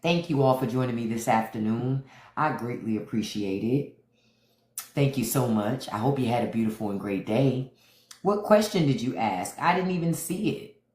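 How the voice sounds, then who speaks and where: A chatty man talks straight into his phone on a casual livestream, trading opinions on politics and greeting viewers by name between points. His voice sits at an ordinary middle pitch. The room around him rings with a noticeable echo. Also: animated, moderate pace, a little mellow. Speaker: livestream host. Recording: roomy echo.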